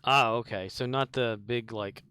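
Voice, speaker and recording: A man's voice: medium pitch, steady tone, moderate pace, sharp tone, clean tone. A man streaming a space game live, chatting casually and rambling as he hunts for names. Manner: rambling, trails off, hunts for names, mutters to himself. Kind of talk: casual live-stream chat while gaming.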